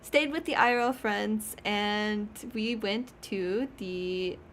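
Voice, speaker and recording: A woman's voice: medium pitch, slow, a bit bright, slight background noise. A young woman streaming, chatting casually and rambling with frequent laughs. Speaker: VTuber streamer.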